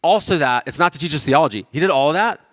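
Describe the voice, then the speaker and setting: A man's voice: a little high, lively intonation, fast talker, fairly bright tone, in a large hall. A man giving a casual, conversational sermon as pastor, self-deprecating and acting out the voices of the people he quotes.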